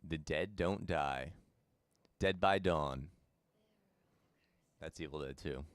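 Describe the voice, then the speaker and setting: Low-voiced man streaming a game. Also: slow pace, no room sound. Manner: chatty, laid-back, talks to chat by name. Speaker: streamer playing a game and chatting with viewers. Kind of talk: casual live-stream chat.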